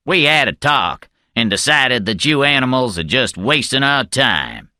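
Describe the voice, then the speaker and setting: A man's voice: medium pitch, big pitch swings, measured pace, bright, forceful tone, dry recording, studio quality, pitched above the performer's own voice, exaggerated voice. A man reading the part of a cold, menacing male guard leader in a storybook reading, with a blunt, threatening delivery.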